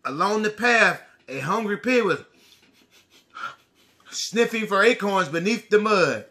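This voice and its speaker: A man teacher who reads a picture book aloud to young children, speaking slowly and deliberately and asking them questions. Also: high voice, animated, sharp tone.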